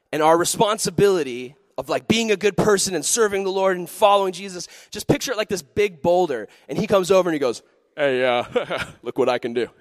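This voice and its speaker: Energetic guy preaching to a youth crowd, jokey stories, kinda high voice, dry no echo. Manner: animated storytelling, energetic, jokey. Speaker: youth pastor. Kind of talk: sermon. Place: room with a live youth audience.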